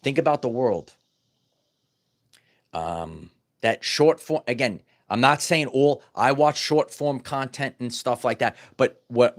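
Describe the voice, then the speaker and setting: A man giving a casual spiritual teaching talk to his viewers, emphatic and full of repeated words and restarts. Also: medium pitch. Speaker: spiritual wellness vlogger.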